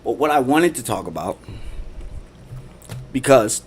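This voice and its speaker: A man's voice: mid-range voice, very animated, unhurried, slight background noise. A man and father of three talking casually on a livestream, rambling, repeating himself, swearing and laughing. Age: adult father. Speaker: live streamer.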